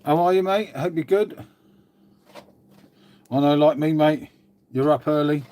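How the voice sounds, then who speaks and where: A man's voice: on the high side, unhurried, a little mellow. A British man hosting a casual livestream, chatting and swearing freely while greeting and answering viewers. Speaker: livestream host. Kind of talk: casual live-stream chat.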